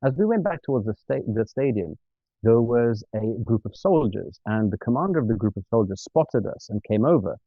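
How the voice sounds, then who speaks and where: A man, an interview guest, telling a funny travel story in a lively, self-mocking way and acting out the dialogue. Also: mid-range voice, moderate pace, breathy edge, no echo. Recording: dry, tinny phone-like sound.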